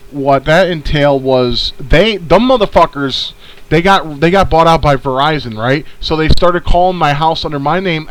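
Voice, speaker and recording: A man's voice: on the high side, rough recording. A man from Ohio co-hosting a podcast, telling stories in casual, profane chat. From Ohio, United States. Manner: profane storytelling, laid-back. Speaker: podcast co-host.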